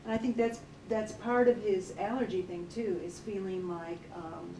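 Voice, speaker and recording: A woman working as an animal communicator, talking gently and hesitantly in a relaxed consultation, with many fillers. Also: medium pitch, normal speed. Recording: distant, roomy, noisy field recording.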